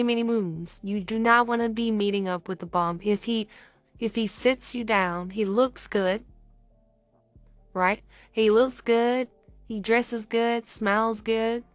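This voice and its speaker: A woman's voice: a little high, no echo. A young woman co-hosting a podcast, chatting casually and acting out little dating scenes as she talks. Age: young adult. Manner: animated, acts out little scenes. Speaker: podcast co-host.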